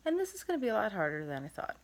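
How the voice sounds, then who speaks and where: A woman recording a casual vlog from her bed at home after surgery, sore and tired, soft-spoken and halting with many pauses and small laughs. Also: medium pitch, wildly swooping pitch. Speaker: vlogger. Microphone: phone.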